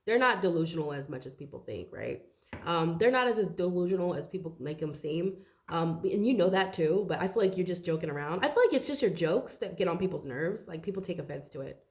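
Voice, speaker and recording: A woman's voice: lowish voice, animated, fairly quick. A young woman giving a casual, rambling tarot reading, out of breath and swearing now and then. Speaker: tarot reader.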